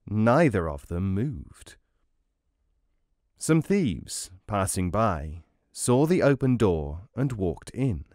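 Low-voiced man reading a children's folk tale, very slow, lively intonation, dry close sound. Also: no echo. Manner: slow, measured, expressive. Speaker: storyteller. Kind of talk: read-aloud storybook narration.

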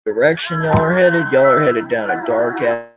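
A man's voice: medium pitch, moderate pace. A man on a casual livestream, speaking directly to his chat in a confrontational, profanity-laced rant. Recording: dull lo-fi audio with loud music. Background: loud music.

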